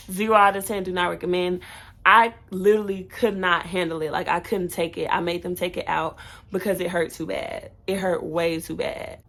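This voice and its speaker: A young woman with a slightly low voice tells her own birth story to the camera in a casual storytime vlog. She is candid and chatty, with plenty of fillers and self-corrections. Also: gravelly, a bit bright. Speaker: new mother telling her birth story.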